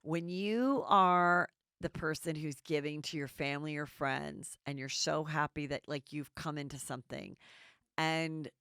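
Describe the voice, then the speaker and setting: A woman's voice: deep voice, measured pace, a bit bright, clear, resonant tone, no room sound, studio quality. A woman hosting a gossip podcast, chatting bluntly and casually and swearing freely. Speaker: podcast host.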